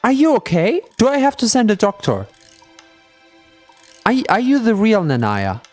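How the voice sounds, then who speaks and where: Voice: mid-range voice, moderate pace, faint music behind. A streamer chatting casually and playfully during a gameplay livestream. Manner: playful and animated, with silly meowing bits.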